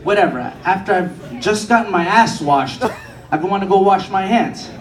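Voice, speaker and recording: A man's voice: sits high, animated, normal speed. Young man doing profane stand-up. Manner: profane storytelling, acts out quoted people. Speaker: stand-up comedian. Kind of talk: stand-up comedy set. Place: comedy club stage. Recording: echoey room, mic from a distance, audience laughter. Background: audience laughing.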